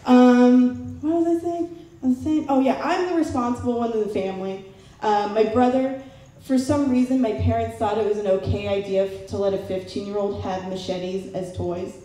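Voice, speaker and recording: On stage at a live comedy show in a big room, a young comedian from Southern California chats playfully and imitates her relatives' voices. She speaks at a moderate pace with a fairly high, dark-toned voice and fairly even intonation, captured in a very echoey space with faint background noise.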